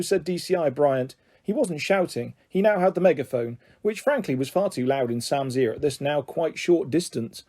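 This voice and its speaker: A storyteller reads a children's book aloud in a warm, mellow voice, animated and at a moderate pace. His pitch is fairly high and moves a lot, jumping even higher when he voices the characters.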